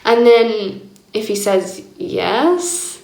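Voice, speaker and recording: Young woman talking slow and open about her feelings, kinda high voice, laughs a lot. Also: sing-song, creaky, darkish tone. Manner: slow, candid and reflective, laughing often. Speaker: vlogger. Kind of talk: personal diary vlog. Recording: echoey room.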